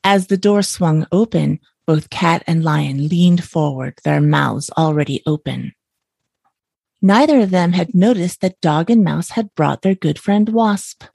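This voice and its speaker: A woman with a somewhat low voice reads a bedtime story in a calm, even way. She sits close to the mic in a dry space with no room sound. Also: unhurried, gravelly, husky, no room sound.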